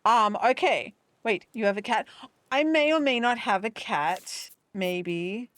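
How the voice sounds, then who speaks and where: A woman's voice: fairly high pitch, slow, a bit bright. A young woman chatting casually with her viewers during a live gameplay stream, rambling and upbeat. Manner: chatty and rambling, talking to chat.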